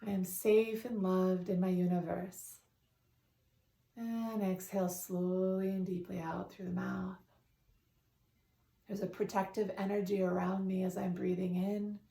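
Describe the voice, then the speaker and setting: A woman guiding a meditation in a calm, soothing way, leading breaths and repeating affirmations. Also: mid-range voice, a little slow, creaky. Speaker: meditation guide. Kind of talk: guided meditation. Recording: roomy, distant from the mic.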